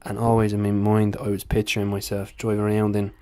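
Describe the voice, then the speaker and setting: A man's voice: lowish voice, monotone, quick pace, a little mellow, close to an everyday voice. A man doing an impression of a brash Dublin fighter in a comedy vlog, speaking with a swaggering Dublin accent. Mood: boastful. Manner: swaggering, self-assured, sweary. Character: brash Dublin fighter giving a motivational boast.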